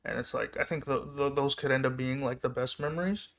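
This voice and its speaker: A vlogger with a mid-range, slightly bright voice talks a little fast and keeps his intonation fairly even. His personal story comes out casual and rambling; he interrupts himself a lot, abandoning sentences and beginning them again.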